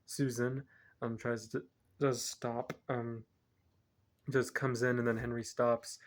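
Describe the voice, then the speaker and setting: Flat-toned man rambling through a plot recap. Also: mid-range voice. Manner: rambling, self-correcting retelling. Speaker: movie reviewer. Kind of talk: casual plot recap for a film review.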